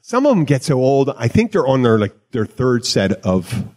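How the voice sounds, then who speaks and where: A man's voice: medium pitch, wildly swooping pitch, moderate pace, a little mellow. A middle-aged man hosting a casual chat show, talking in a rambling way with restarts and laughs. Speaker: podcast host.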